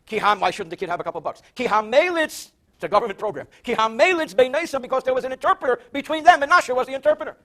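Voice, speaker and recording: An older man, a rabbi, teaching a Torah portion verse by verse, reading Hebrew slowly, translating, and adding dry wisecracks. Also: very high voice, lively intonation, sharp tone. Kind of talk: verse-by-verse Torah class with jokes.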